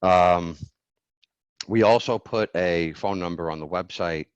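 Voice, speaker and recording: A man with a very low voice delivers a homemade campaign speech. He is formal but halting, with frequent ums and pauses. The recording is dry and dull, with a lo-fi sound. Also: a little mellow, clean tone, no room sound. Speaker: self-declared presidential candidate.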